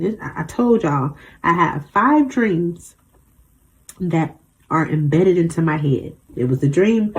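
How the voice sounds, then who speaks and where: A woman's voice: lowish voice, a little mellow. A woman tarot reader in a casual vlog monologue, rambling through stories in a blunt, emphatic way with slang and mild swearing.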